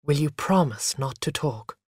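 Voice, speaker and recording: A man puts on a calm, firm storybook mother, her voice lifted somewhat higher than his own. She speaks patiently, with a quiet, insistent authority, the pitch rising and falling freely. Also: a little slow, husky, dry recording, studio quality.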